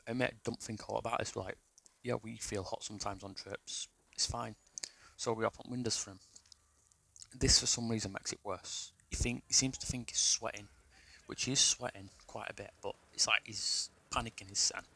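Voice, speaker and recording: A man's voice: on the low side, steady tone, brisk, gravelly, bright, forceful tone, slightly rough, rough recording. A young man, telling a rambling, sweary personal story in a casual way. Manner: rambling, sweary, restarts a lot.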